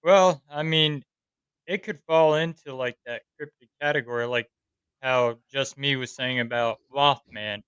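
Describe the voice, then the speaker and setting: An easygoing man chats on a podcast, softening his points with fillers. His voice is bright and smooth. The mic is close and dry. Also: mid-range voice, measured pace, dry recording, lo-fi sound. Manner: easygoing, hedging with fillers like "I mean". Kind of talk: casual chat.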